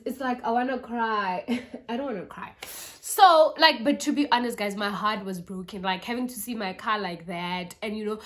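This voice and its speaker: A young South African woman with a South African accent, casually telling a personal story to her vlog viewers, chatty and animated. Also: a little high. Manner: chatty, animated retelling with quoted voices and code-switching. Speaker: YouTuber.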